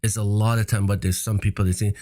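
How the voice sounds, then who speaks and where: In a casual podcast interview, a man in his fifties who isn't a native English speaker tells stories, stressing and repeating key phrases. His voice sits on the low side, level and mellow, and he talks fast.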